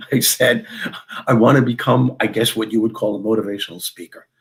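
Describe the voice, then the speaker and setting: Middle aged new guy telling a story, acts out the dialogue, talks in quick bursts. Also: fairly low pitch, steady tone. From Long Island, New York. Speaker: guest, motivational speaker and former comedian. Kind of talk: storytelling in a podcast interview.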